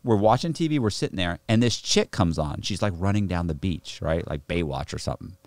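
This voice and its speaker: On a podcast, a middle-aged guest with a low voice tells a profane, lively story at a brisk pace, voicing the other people in it himself. There is no echo.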